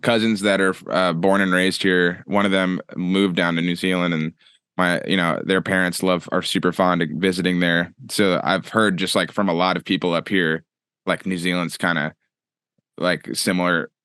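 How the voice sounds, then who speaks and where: A man co-hosting a podcast, chatty and quick to laugh. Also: sits low, little pitch movement, a bit bright, smooth, dry recording, clean studio sound. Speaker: co-host. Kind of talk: casual podcast chat.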